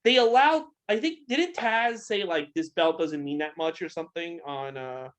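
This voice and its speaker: A man's voice: fairly high pitch, lively intonation, moderate pace, fairly bright tone. A young man co-hosting a casual podcast, ranting heatedly and swearing a lot. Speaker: podcast co-host. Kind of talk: casual wrestling podcast rant.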